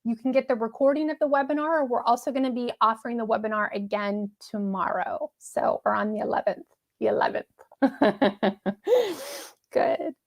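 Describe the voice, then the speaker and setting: A woman's voice: a little high, creaky. Upbeat woman hosting a live stream. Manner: chatty, upbeat, laughs often, reads chat aloud. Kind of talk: casual live-stream pep talk.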